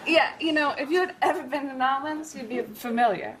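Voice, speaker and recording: A woman's voice: sits high, brisk, a crowd in the background, close to an everyday voice. An actress playing a chatty woman tourist who giggles through a wild travel story in a comedy sketch. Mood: giggly. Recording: live audience laughter, noisy.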